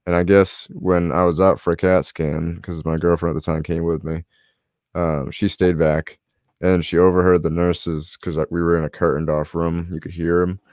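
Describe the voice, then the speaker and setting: Deep-voiced man telling a story. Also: darkish tone, no echo, studio quality. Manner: storytelling, acts out quoted voices. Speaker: podcast host. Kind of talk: casual chat.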